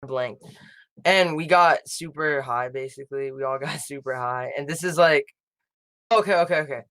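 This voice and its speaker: A man's voice: medium pitch, moderate pace, pushed and bright, poor audio. A man on a casual podcast who hesitates a lot, filling gaps with "um" while he searches for words. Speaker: podcast co-host. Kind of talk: casual chat.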